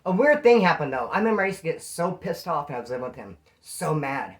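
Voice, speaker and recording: A man from Bakersfield tells a story from his prison days. He talks fast, in animated street slang, as a casual storyteller. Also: a little high. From Bakersfield, California.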